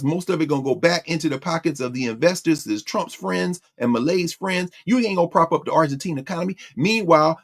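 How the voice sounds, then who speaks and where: A man with a slightly high voice and vocal fry hosts a lecture show as host and lecturer. He delivers fiery, sermon-like political commentary laced with slang, sarcasm, and laughter.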